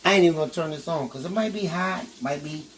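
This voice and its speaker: A man's voice: fairly high pitch, quick pace, a little hiss or hum, low-quality recording. A man hosting a casual cooking demonstration in a kitchen, folksy and chatty, talking straight to his viewers and tossing in "boy" as he goes. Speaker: host cooking on camera. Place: kitchen with frying food. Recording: clear frying sizzle behind the voice. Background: sizzling frying food.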